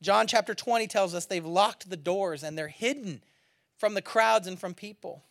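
A pastor giving a sermon as an animated, colloquial storyteller who laughs often. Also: mid-range voice, normal speed.

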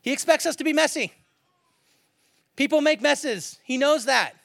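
A man in his thirties, a pastor preaching a sermon and telling stories, swinging between loud emphatic bursts and near-hushed asides. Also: very high voice, normal speed, gravelly, no echo, studio quality. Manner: animated storytelling, swings from loud to quiet.

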